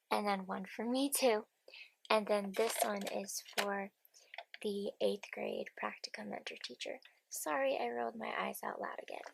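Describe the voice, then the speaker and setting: A woman's voice: mid-range voice, gravelly, husky, no echo. A young woman chatting casually in a vlog from home early in the morning. She rambles with lots of filler words, has a groggy morning voice, and sniffles. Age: young adult. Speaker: vlogger.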